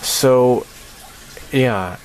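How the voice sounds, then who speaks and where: A man's voice: mid-range voice, very slow, a little mellow, slight background noise. A man hosting a casual channel update, rambling and sarcastic and laughing often between his remarks. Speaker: channel host.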